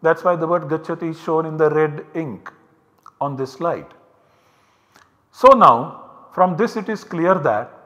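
A man's voice: a little high, fairly bright tone. Man lecturing in a reverberant hall. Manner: measured, explanatory. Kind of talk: academic lecture.

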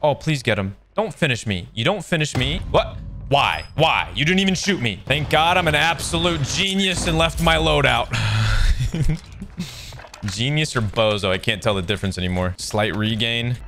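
Excitable man narrating his gameplay. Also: medium pitch, moderate pace, a little hiss or hum. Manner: excitable, joking, sarcastic trash talk. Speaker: gaming video creator. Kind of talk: live gameplay commentary. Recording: loud game gunfire behind voice.

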